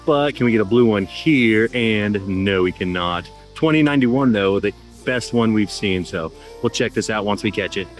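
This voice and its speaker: A man with a fairly low voice gives casual play-by-play on his own game channel. He sounds upbeat and chatty as he reacts to each result, and soft music plays faintly underneath. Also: moderate pace, hardly any pauses. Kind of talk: casual gameplay commentary.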